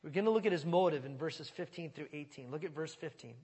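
A man preaching an expository sermon in an animated, conversational and emphatic way. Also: a little high, fast, breathy edge, long reverb tail. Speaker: pastor.

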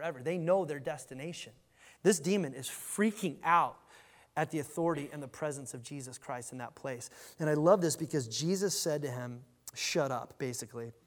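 A man preaching a sermon as pastor, animated, often restarting his phrases as he builds a point. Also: on the high side, in a large hall.

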